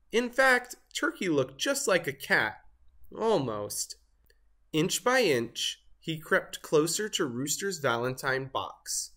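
A reader narrating a children's picture book aloud in an expressive, sing-song way. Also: mid-range voice. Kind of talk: storybook read-aloud narration.

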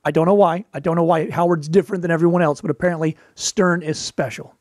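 Guy with a fairly high voice, dry close recording, chatty and wry, tosses in asides. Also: fairly even intonation, a little mellow, no room sound. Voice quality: conversational, wry storytelling. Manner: quick asides and playful put-on voices for quotes. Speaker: podcast host, performer. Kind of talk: casual advice talk.

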